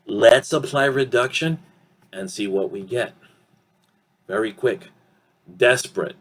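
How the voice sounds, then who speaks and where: A man teaching English pronunciation in an online lesson, speaking deliberately, modelling words slowly and often checking in with the learner. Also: medium pitch.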